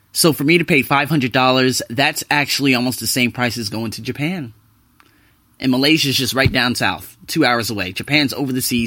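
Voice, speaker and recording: A young man chatting casually to his viewers as a vlogger, animated and talkative, jumping between loud bursts and quiet asides. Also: medium pitch, dry recording. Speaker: vlogger living abroad. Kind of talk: casual talk to camera.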